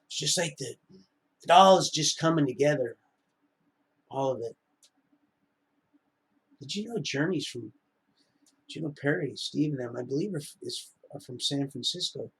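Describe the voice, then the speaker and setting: A man's voice: a little high, moderate pace, long pauses, fairly bright tone, slight background noise. A middle-aged man rambling through a live-stream monologue, often wandering off topic. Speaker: livestreamer.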